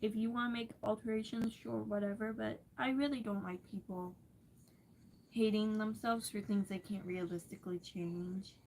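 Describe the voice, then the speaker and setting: A young woman chatting casually on a vlog, answering comments in a blunt, profane and expressive way. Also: medium pitch, normal speed, slight background noise. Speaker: social media creator answering comments.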